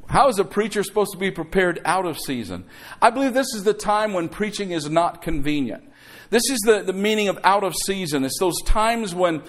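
A middle-aged man preaching a sermon as pastor, exhorting the congregation to say amen and throwing in conversational asides and rhetorical questions. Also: high voice.

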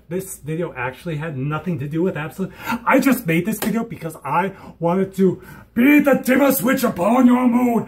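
Hyper high-voiced young man vlogging. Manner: hyper and giddy, swinging from squeals to mutters. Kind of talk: hyper casual vlog monologue.

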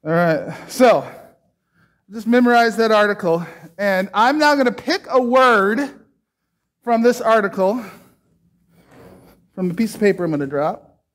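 A man's voice: high-pitched, lively intonation, unhurried, long pauses, a bit bright. A man preaching a casual sermon, chatting and joking with the congregation while doing a trick.

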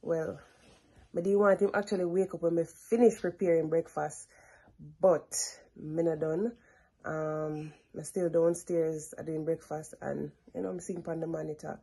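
A young woman talks slowly and softly, with a mellow, relaxed tone, in a casual home vlog. She coaxes her toddler in a gentle sing-song. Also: deep voice, slightly rough. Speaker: vlogger mother. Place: home, kitchen and bathroom.

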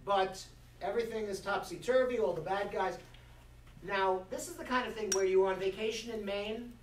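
A man's voice: sits high, normal speed. A man telling a story at a Shabbat service in a humorous sermon, full of playful asides to the congregation. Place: synagogue sanctuary. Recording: echoey hall, voice from far off, faint noise.

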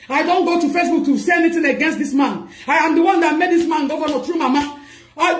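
A woman's voice: very high-pitched, echoey room. A woman with a Nigerian accent making a distressed public appeal, pleading frantically and repeating cries for help. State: distressed and crying out.

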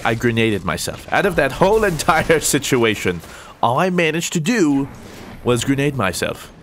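A hoarse young man narrates his match in a goofy, self-mocking way. His pitch leaps around, breaking into excitable yelps. A faint hiss sits underneath. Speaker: gaming YouTuber. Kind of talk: gameplay commentary.

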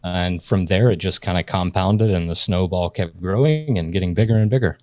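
Deep-voiced easygoing male guest, dry sound. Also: brisk, darkish tone, no echo. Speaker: guest, video producer. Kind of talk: relaxed interview answers.

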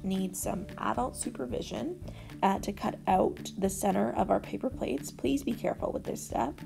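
Canadian woman walking kids through a craft, gravelly voice, music underneath. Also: medium pitch, moderate pace. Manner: step-by-step, relaxed with fillers. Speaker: library staff leading a craft. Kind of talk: craft tutorial voice-over.

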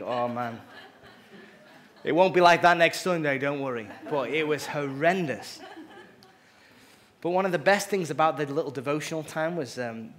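A male pastor delivering a sermon in an earnest, emphatic way, dropping into relaxed asides now and then. His voice sits at a middle pitch for a man.

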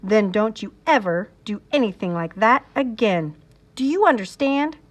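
A woman's voice: medium pitch, lively intonation, normal speed, natural voice. A woman voicing a stern but loving young mother in a read-aloud storybook, scolding firmly. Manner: firm, scolding.

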